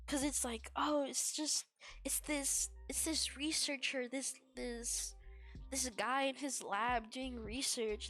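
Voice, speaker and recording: A woman VTuber streamer with a high, fairly bright voice chats casually and rambles. Tired and yawning, she giggles often, leans on lots of fillers, and meanders from thought to thought.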